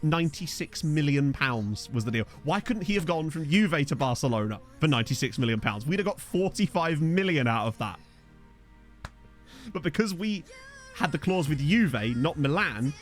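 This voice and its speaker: In a casual let's-play, a tired man responds to his viewers' comments with rambling, self-deprecating talk packed with fillers. He speaks at a moderate pace in a fairly high voice with big pitch swings, over soft background music.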